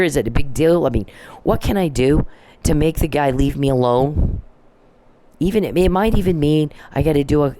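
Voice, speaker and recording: A woman's voice: rumbling low, dark tone, slight background noise, poor audio. Blunt, profane woman ranting. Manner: heated, blunt and profane, with frequent restarts. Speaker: vlogger. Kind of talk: angry personal rant to camera.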